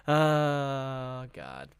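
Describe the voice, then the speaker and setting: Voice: medium pitch, clean tone, no echo. A podcast host reading news articles aloud and breaking off into profane, laughing, rambling asides.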